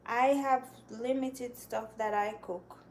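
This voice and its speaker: A woman's voice: on the high side, fairly even intonation, takes it slowly, darkish tone, a little hiss or hum. A young Jamaican woman with a Jamaican accent, chatting with viewers on a cooking livestream and answering their comments. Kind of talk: casual live-stream chat while cooking.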